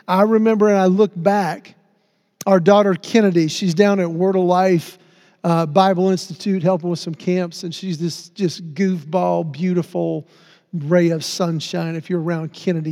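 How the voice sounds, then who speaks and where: Male pastor, earnest storyteller, gravelly voice, reverberant hall. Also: sits high, a little mellow. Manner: earnest storytelling, dropping to near-whispers in tender moments. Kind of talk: sermon.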